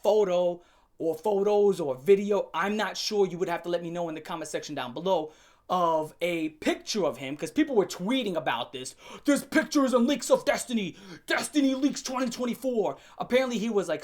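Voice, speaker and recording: A woman hosting an opinion rant to camera, blunt and profane with a sarcastic edge, pushing her points with sharp jumps in pitch and loudness. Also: lively intonation, brisk. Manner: emphatic, swings up and down in pitch and loudness. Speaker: commentary channel host.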